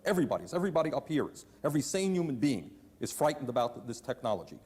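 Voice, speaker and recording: A man argues insistently in a televised debate, hammering his points home. He talks fast with a husky edge, and his voice carries a long studio reverb from an old broadcast. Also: mid-range voice, very animated, a little mellow. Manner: emphatic, insistent, repeats key phrases. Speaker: city mayor and candidate in a televised debate. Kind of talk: debate argument.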